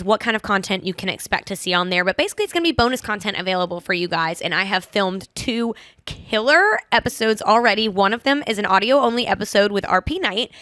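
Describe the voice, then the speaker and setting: A woman's voice: mid-range voice, bright, forceful tone, no echo, studio quality. A young woman hosting a podcast, chatty and self-mocking. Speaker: podcast host. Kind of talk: casual chat.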